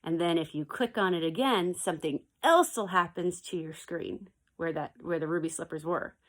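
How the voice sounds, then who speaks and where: With a fairly low, fairly bright voice at normal speed, a woman teacher records a relaxed video message for her pupils from her basement at home. She rambles chattily, then reads a picture book aloud, complete with playful animal sounds.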